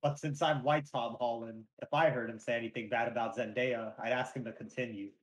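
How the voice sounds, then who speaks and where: A man playing a fake celebrity in an improvised comedy bit, joking in a dry, deadpan way. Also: medium pitch, fairly quick, close to an everyday voice, rough recording.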